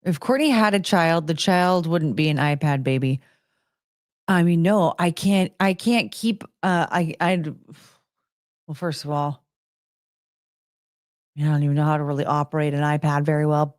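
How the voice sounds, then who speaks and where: Chatty woman streaming from home, lowish voice, rambly and giggly, dry close sound. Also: unhurried, long pauses, dry recording. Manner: rambling, self-interrupting, giggly. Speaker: livestream host. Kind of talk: casual chat with live-stream viewers.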